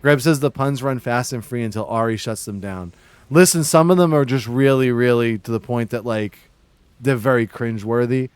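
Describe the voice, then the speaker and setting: A man's voice: medium pitch, normal speed, darkish tone, smooth, dry recording. A man from Massachusetts livestreaming, chatting with viewers in an exaggerated put-on Boston-New York accent and playfully ribbing them. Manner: joking, playfully ribbing chat. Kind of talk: casual livestream chat.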